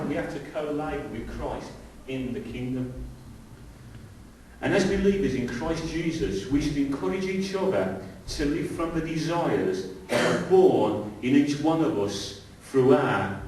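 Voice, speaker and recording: A middle-aged pastor preaches to his congregation in a church hall, his slightly high voice animated, a little slow, and somewhat mellow. He keeps it conversational and fires rhetorical questions at the listeners. The hall is very echoey, the mic distant, and there's a faint hiss.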